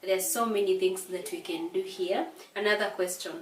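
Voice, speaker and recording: A woman with a Kenyan English accent teaching an exam revision lesson, explaining slowly and deliberately, with hesitations and repeated words. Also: mid-range voice, steady tone, far from the mic, a little hiss or hum. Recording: echoey room, voice away from mic.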